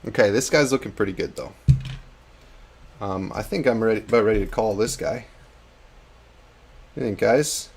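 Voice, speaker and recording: Low gravelly man, chatty self-mocking stream host. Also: moderate pace, pauses often. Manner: chatty, self-deprecating, laughs often. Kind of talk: casual chat on a live painting stream.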